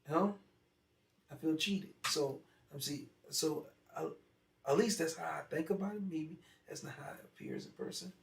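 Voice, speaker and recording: A man speaking as an interview guest, telling a childhood story in an animated way that turns loud when he gets worked up. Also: fairly high pitch, moderate pace, gravelly. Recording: echoey room, far from mic, faint ambience.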